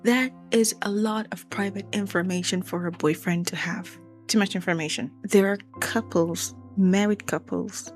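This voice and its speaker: A woman narrating a true crime case in a conversational, emphatic way. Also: mid-range voice. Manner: animated, emphatic retelling.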